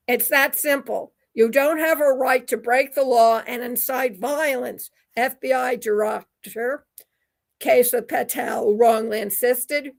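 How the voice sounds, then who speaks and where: A woman's voice: high-pitched, fairly even intonation, a little slow, vocal fry. A woman hosting a talk radio show, reading news quotes with sarcastic asides. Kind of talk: opinion commentary reading quotes.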